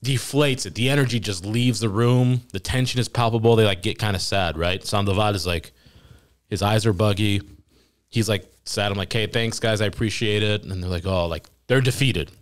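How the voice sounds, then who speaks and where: A man's voice: fairly low pitch, normal speed. A young man casually telling a long funny story on a podcast, acting out the voices of the people in it and laughing at times. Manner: animated storyteller quoting voices, laughing at his own story. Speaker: podcast guest.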